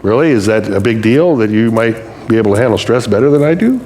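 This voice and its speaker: A man's voice: fairly low pitch, big pitch swings, fast talker, darkish tone. Chatty, joking male pastor preaching. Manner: conversational, humorous, acts out quotes. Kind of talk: sermon.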